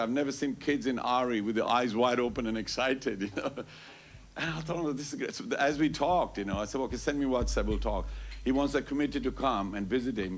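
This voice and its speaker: Guy at a temple program, chatty story, keeps going "you know" and "i goes", excited. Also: mid-range voice, slight background noise. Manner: animated, quotes others in dialogue, frequent "you know" and "I goes". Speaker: temple speaker at a Sunday program. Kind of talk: casual storytelling announcement. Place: temple hall.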